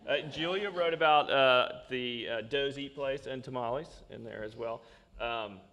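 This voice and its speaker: A man moderating a book festival panel, relaxed and quick to laugh, sometimes reading passages aloud. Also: mid-range voice, over a noisy crowd. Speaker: magazine editor moderating a panel. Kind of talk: casual onstage conversation. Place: large hall at a book festival. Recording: reverberant hall, stage mics.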